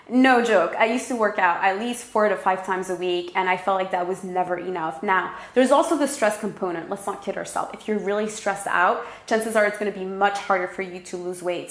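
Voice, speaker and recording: A woman's voice: medium pitch, roomy sound. A woman with a French accent, chatting candidly to camera in a casual vlog. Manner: chatty and candid, quick asides. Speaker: vlogger.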